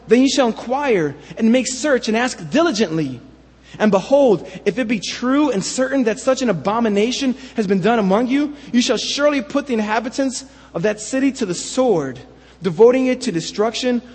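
A man's voice: very high-pitched, husky, big-room sound. A man preaching a sermon, reading scripture aloud and then retelling it with passionate paraphrase.

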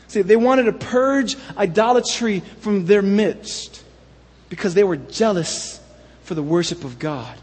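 High-voiced preacher in an echoing hall. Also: male voice, measured pace, darkish tone, husky. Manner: reads scripture then explains it with passionate paraphrase. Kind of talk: sermon.

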